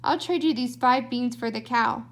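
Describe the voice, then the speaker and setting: A sly, funny little old man from a fairytale, coaxing and persuasive, read by a woman. His voice stays high and bright. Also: moderate pace, natural voice.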